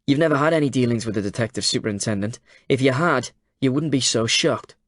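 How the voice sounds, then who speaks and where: A man playing a cool, calculating male detective chief inspector who speaks in a deadpan, blunt way. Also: mid-range voice, fast, no room sound, studio quality, close to an everyday voice. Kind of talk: audiobook character voice.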